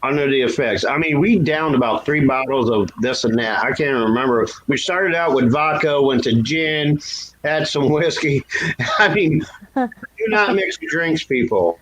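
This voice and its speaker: A man with a fairly bright tone and moderate pace chats casually and candidly about his past, poking fun at himself and laughing. He lifts his pitch to mimic quoted voices, and the recording is low quality.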